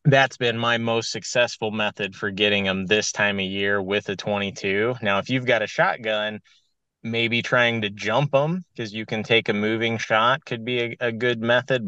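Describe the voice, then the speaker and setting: A man with a Midwestern American accent speaking over a video call in a webinar, relaxed and plain-spoken. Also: fairly low pitch, smooth, no echo, lo-fi sound. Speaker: hunting panelist. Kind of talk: webinar discussion.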